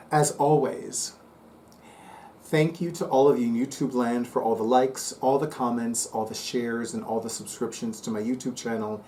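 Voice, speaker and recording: A man's voice: medium pitch, measured pace. Chatty man, faint background hum. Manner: chatty, animated, playful asides. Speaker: psychic reader and YouTuber. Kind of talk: casual monologue to camera.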